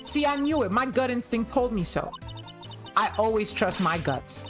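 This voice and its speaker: A woman's voice: fairly high pitch, lively intonation, moderate pace, soft background music, pitched above the performer's own voice, lightly acted. A woman voicing a pushy young female reporter with a put-on Southern US accent, reading game dialogue aloud. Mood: excited. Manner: loud, pushy, boastful.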